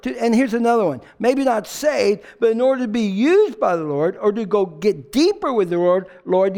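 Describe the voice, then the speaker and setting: A man preaching a casual, conversational sermon as a pastor, emphatic and informal, sometimes dropping to a hushed, emotional tone. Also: extremely high pitch.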